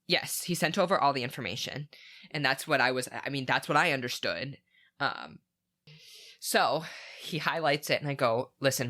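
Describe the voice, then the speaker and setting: A man co-hosting a casual podcast, recounting a story with animated energy. His voice is bright and forward. He leans on lots of "like" fillers. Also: medium pitch. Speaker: podcast co-host.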